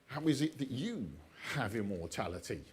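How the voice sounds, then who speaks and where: A man's voice: mid-range voice, sing-song, moderate pace, a little hiss or hum. A man telling an old myth, drifting into chatty asides and laughing often at his own jokes. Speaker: storyteller. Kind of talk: oral storytelling with chatty asides.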